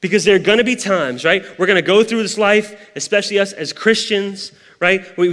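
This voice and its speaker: A man's voice: high-pitched, a bit bright. A young man preaching a conversational sermon, often checking in with "right?" as he retells a Bible story. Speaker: pastor. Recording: hall reverb.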